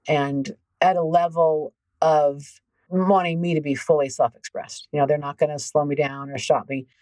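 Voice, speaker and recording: A woman hosting a podcast as a coach, talking in an animated, emphatic way straight to her listeners. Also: sits low, dry recording, rough recording. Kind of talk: conversational podcast monologue.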